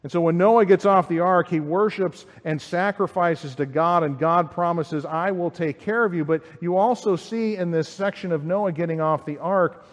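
Male pastor, slightly higher voice, measured and explanatory, sermon in a hall with long reverb. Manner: measured, explanatory, reads scripture aloud.

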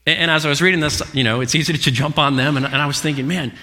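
Twentysomething guy preaching, bright forceful voice, bit high, long echo of a big hall. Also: steady tone. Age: 20s. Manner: earnest storytelling with halting restarts. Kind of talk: sermon.

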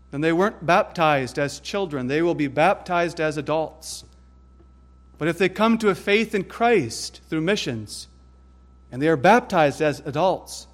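Emphatic preacher, a man with a higher voice. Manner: emphatic, deliberate preaching with rising stress on lists. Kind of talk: sermon.

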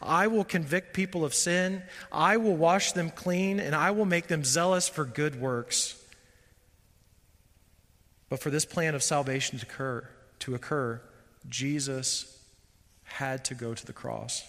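A man preaching a sermon as pastor, speaking emphatically and building to loud, fervent peaks. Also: fairly high pitch, measured pace, big-room sound.

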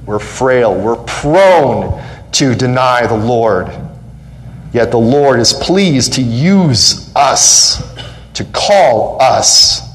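A man's voice: medium pitch, expressive, very slow, poor audio. Man preaching with rising fervor. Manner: impassioned preaching, voice rising on questions and quotes; repeats phrases for emphasis. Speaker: pastor. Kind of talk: sermon. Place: church sanctuary.

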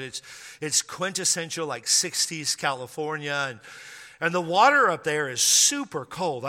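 Bright-voiced man preaching in a reverberant hall. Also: on the high side. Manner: conversational, rambling, with frequent restarts; talks straight to the congregation, playful asides. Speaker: pastor. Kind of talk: storytelling sermon.

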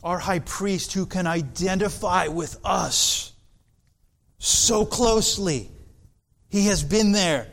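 A man preaching a sermon in an earnest, deliberate way, with dramatic pauses. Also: high-pitched.

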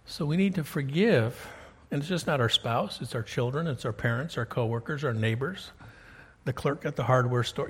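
A man with a husky, slightly breathy voice preaches a sermon from the pulpit. He talks in a folksy, conversational way, leaning on rhetorical questions. His voice sits at an ordinary middle pitch. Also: normal speed. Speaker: pastor.

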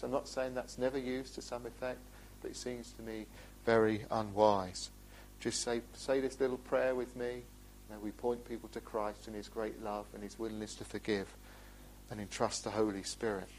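A man preaching a sermon, earnest, his voice rising for emphasis and dropping low. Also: slight background noise, low-quality recording.

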